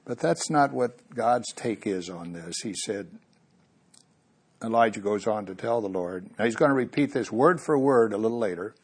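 A man's voice: fairly low pitch, animated, moderate pace, husky. A man preaching a sermon, earnest, bringing the story's voices to life as he goes.

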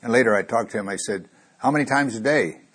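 A man preaching a sermon, telling a Bible story and getting louder when he quotes scripture. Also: mid-range voice, fast talker, breathy edge. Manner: animated, rising loud on quoted scripture.

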